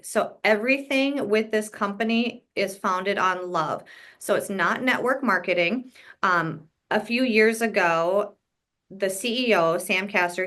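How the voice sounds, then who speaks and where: A woman's voice: mid-range voice, fairly bright tone. Earnest woman guest, chatty with fillers. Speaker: podcast guest. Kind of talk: casual interview chat.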